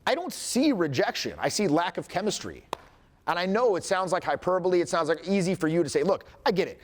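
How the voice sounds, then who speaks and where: A man's voice: sits high, sing-song, brisk, in a large hall. A man coaching a live audience on confidence, candid and profane, with joking asides and acted-out quotes.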